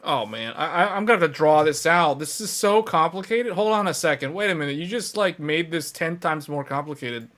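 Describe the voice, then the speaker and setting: Animated, exasperated male tech host. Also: on the high side, fairly quick, hardly any pauses. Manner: animated, exasperated, lots of fillers. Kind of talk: casual livestream chat.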